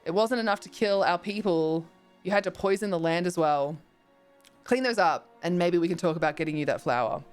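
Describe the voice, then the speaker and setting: A woman voicing a grumpy, territorial old echo spirit who talks in a brisk, scolding, stubborn way. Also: on the low side, clean tone, soft background music, natural voice. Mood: bargaining.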